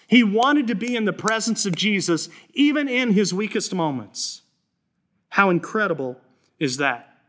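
Earnest high-voiced male pastor preaching. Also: fairly bright tone. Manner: storytelling, earnest and conversational. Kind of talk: sermon.

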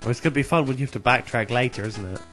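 A man's voice: medium pitch, racing, fairly bright tone, faint music behind. A man co-commentating on a game, chatty and teasing. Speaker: let's play co-commentator. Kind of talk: casual gameplay commentary.

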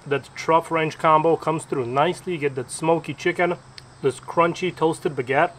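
A man's voice: a little high, fairly even intonation, normal speed, fairly bright tone, slight background noise. Upbeat man showing a grill recipe. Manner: upbeat, chatty, explains each step. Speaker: cooking channel host. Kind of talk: casual cooking demonstration. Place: outdoors at a backyard grill.

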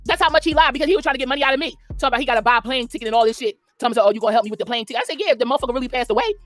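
A woman telling a story fast and angrily, swearing freely as she recounts events in casual chat. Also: sits high, animated, dry recording, faint music behind. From Philadelphia. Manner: profane, rapid, indignant. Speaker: guest.

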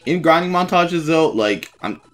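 A young man casually commenting on his own gameplay, chatty and profane, quick to get frustrated. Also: on the high side, lively intonation, a bit bright, soft background music. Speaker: let's play gamer.

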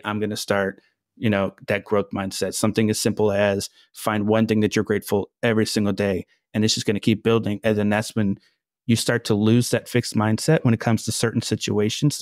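Coach guy on a podcast, low voice, earnest, lots of likes and ums, dry sound. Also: no room sound. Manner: earnest, explanatory, many fillers. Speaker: mindset coach guest. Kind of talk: casual interview chat.

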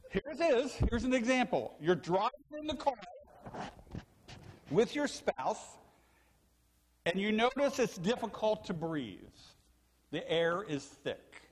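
An older man, a pastor, preaching a sermon, telling stories and asking the congregation questions. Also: high voice. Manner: animated storytelling preacher, asks the congregation questions. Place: church sanctuary. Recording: long church hall reverb.

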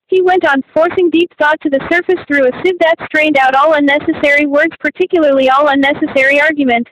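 A woman's voice: high-pitched, steady tone, a little fast, hardly any pauses, a bit bright, a little hiss or hum, rough recording. A woman reading a novel aloud as an audiobook narrator, in scripted narration.

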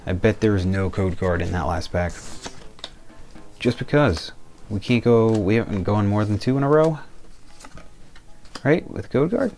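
Slow, low-voiced man opening card packs. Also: a little mellow. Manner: exasperated, muttering card names, mock outrage. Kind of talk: casual pack-opening commentary.

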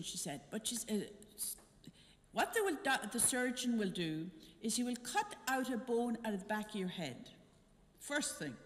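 An older nun tells a story to her congregation, acting out each voice in it. Her fairly high voice rises and falls a great deal, and it rings through the long reverb of a church. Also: moderate pace. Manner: animated, acts out dialogue in her story. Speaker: visiting nun giving a mission talk.

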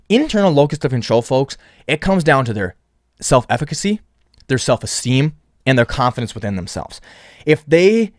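A man's voice: mid-range voice, no room sound, clean studio sound. A man hosting a solo podcast, rambling with frequent restarts and repeated words. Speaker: podcast host.

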